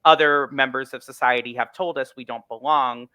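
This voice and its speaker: A man's voice: mid-range voice, steady tone, moderate pace, pushed and bright, clear, resonant tone, dry recording. A man hosting a podcast, talking casually and rambling with many fillers on a close mic. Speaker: podcast host. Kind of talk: casual conversational podcast talk.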